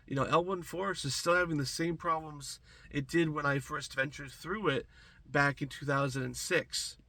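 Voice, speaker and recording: A man's voice: on the high side, steady tone, normal speed, bright, forceful tone, no room sound. A man with a congested, stuffy voice, chatting casually as a gaming commentator and rambling to his viewers from a small closet. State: congested from a cold.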